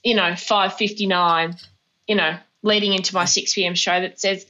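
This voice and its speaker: A woman's voice: medium pitch, normal speed, lo-fi sound. A woman telling stories animatedly on a podcast, acting out other people's voices. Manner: animated storytelling, acts out voices. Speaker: comedian guest. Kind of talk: casual podcast chat.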